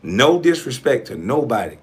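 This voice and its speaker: A middle-aged man from coastal Georgia giving a profane, forceful monologue to camera as an entrepreneur vlogger, repeating himself for emphasis. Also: medium pitch, sing-song, normal speed. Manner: profane, forceful ranting with repetition.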